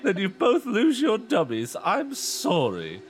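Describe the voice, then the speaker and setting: A man's voice: huge pitch swings, slow pace, full character voice. A man voicing an exasperated mother who is at her wit's end. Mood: fed up. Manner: shrill, fed-up scolding.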